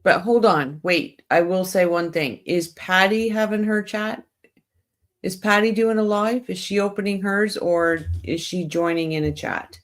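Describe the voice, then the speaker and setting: A woman's voice: lowish voice, steady tone, unhurried. A woman hosting a casual livestream, rambling in a friendly way and talking straight to her viewers. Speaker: livestream host.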